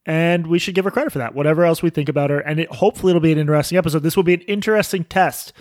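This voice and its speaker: A man co-hosting a podcast in casual, teasing chat, animated and quick to talk over his partner. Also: a little high, no echo, studio quality. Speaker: podcast co-host.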